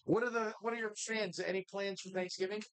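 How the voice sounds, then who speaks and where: A man's voice: high voice, steady tone, fast talker, fairly bright tone, clean tone. A man hosting a live bar show, chatting casually in a rambling, profane, jokey way.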